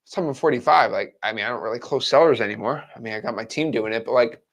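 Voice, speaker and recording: A man's voice: medium pitch, quick pace. A man in his twenties giving a blunt, frank motivational talk to camera as a real estate wholesaling coach. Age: 20s.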